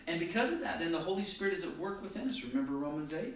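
A male pastor preaching a sermon, emphatic, rising and falling in pitch and volume to stress his points. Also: lively intonation, rapid-fire, a little hiss or hum. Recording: very echoey hall, mic from a distance.

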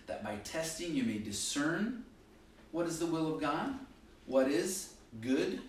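A man preaching a sermon as a pastor, swinging between loud emphatic lines and quiet asides. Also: mid-range voice, a little hiss or hum. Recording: echoey hall, voice from far off.

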